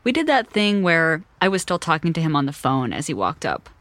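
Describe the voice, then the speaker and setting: A woman reporter narrating a documentary story in a measured, wry storytelling voice. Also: low voice, wildly swooping pitch, a bit bright, dry recording.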